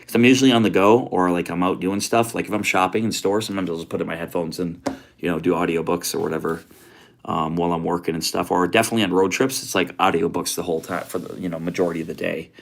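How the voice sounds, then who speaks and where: Low-voiced laid-back livestream host. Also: male voice, fairly even intonation, fast talker, vocal fry, slight background noise. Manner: laid-back, greets viewers with slang like homie and brother. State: a bit out of breath. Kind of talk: casual livestream chat. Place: home office.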